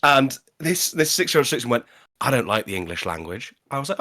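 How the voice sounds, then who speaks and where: A man from Wales chatting casually on a live stream, telling anecdotes with quick bursts and acting out the people in them. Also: mid-range voice. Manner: animated storyteller, speeds up when telling anecdotes; fond of acting out other people's lines. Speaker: podcast team member.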